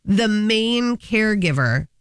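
A woman's voice: mid-range voice, expressive, takes it slowly, clean tone, dry recording. A middle-aged woman co-hosting a casual chat show, telling stories in a chatty way and laughing often.

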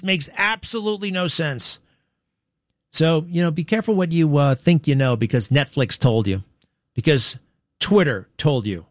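A man's voice: on the high side, a bit bright, no room sound. Blunt man commenting in a dry room. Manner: conversational, rhetorical questions, blunt. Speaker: show host. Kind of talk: commentary on played clips.

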